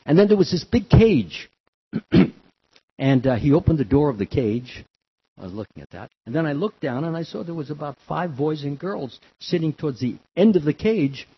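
Lively, husky-voiced older man telling a story. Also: normal speed. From the Bronx, New York. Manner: animated storyteller who acts out children's cries in a high voice. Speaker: devotional speaker. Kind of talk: storytelling sermon. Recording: dull lo-fi recording.

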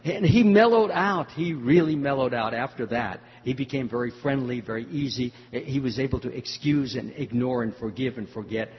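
An older man giving a devotional talk, telling a story in a halting way with many fillers. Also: medium pitch. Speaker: spiritual teacher. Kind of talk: devotional talk answering questions. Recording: muffled hall recording with faint hum.

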